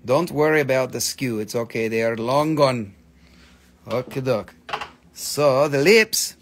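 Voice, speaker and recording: Selling stones on a live stream, this male host chats casually and jokes around, swearing freely and putting on silly voices. His voice is medium in pitch and his pace measured, with a little background noise.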